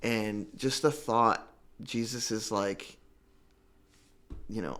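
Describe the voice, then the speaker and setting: A young man with a low voice tells his personal testimony, earnest and halting. He repeats his words and stops to hold back tears. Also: steady tone, fairly bright tone. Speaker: guest telling his recovery story.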